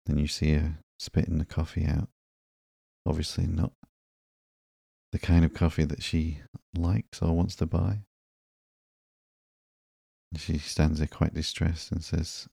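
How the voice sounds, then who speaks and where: Sleepy podcast guy reading comics, super flat and mellow, dry close sound. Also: extremely low pitch, creaky, dry recording. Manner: calm, drowsy, unhurried. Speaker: podcast host. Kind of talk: slow, sleepy comic book narration.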